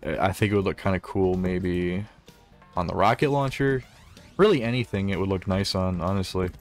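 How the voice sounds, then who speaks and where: A man with a fairly low voice talks through his gameplay in a loose, rambling way. He trips over his own words and swears freely, with faint music playing underneath. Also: moderate pace. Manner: rambling, profane, self-interrupting. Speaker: gaming commentator. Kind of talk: casual gameplay commentary.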